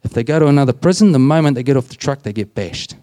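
Man, Australian accent, prison chaplain, warm low-key tone, plain-spoken storyteller. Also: lively intonation, fast talker. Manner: plain-spoken, anecdotal, retells conversations with "I says". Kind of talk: storytelling talk to a group.

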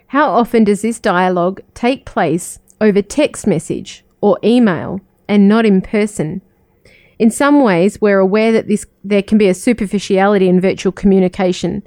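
A woman who is a religious sister talks through a gentle spiritual reflection, asking questions and sharing small personal stories. Her voice is mellow and soft-edged. The recording is dry, with no room sound. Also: mid-range voice, dry recording. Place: living in the United States, not from there.

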